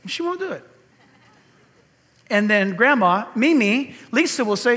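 An older man, a pastor, preaching a sermon with earnest rhetorical questions; his high, reedy voice has been compared to a cartoon frog. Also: animated, measured pace, pauses often, pushed and bright.

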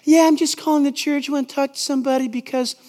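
Preacher doing a moody guy calling the church, flat and matter of fact, echoing sanctuary. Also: extremely high pitch, fast talker. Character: unhappy man phoning church to announce leaving his wife. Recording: long reverb in a large church.

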